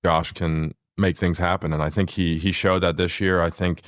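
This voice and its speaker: A young adult man co-hosting a family podcast, talking through the game in a measured, analytical way, like a sports announcer. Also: low-pitched, flat delivery, no room sound, studio quality. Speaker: podcast co-host. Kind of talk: casual family podcast chat.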